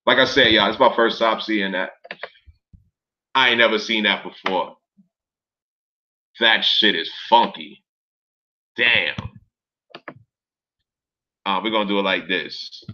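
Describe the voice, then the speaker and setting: A man, talking casually in a profane, animated vlog, jumping from low muttering to excited shouts while reading from a website. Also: takes it slowly, long pauses, highs cut off. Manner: profane, street slang. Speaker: vlogger.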